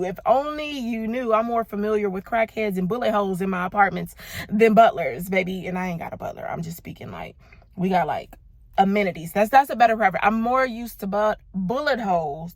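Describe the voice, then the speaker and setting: Expressive woman sharing a faith testimony. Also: mid-range voice, fairly quick, dry recording. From Los Angeles, United States. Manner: expressive, emphatic, calls listeners "baby" and "y'all". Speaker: vlogger.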